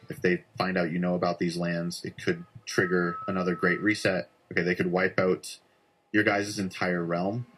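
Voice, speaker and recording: A man voicing a stern but sympathetic officer who speaks formally and urgently, in a low, flat voice. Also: a little hiss or hum, poor audio.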